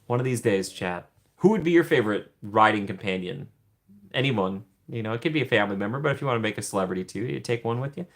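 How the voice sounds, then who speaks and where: Chatting loosely with viewers from his home, this young livestream host speaks quickly and expressively in a lowish voice. He laughs often and tends to ramble and trail off.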